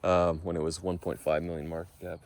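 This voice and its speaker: A man's voice: low-pitched, level tone, brisk, darkish tone. A man vlogging casually, rambling and correcting himself as he thinks aloud.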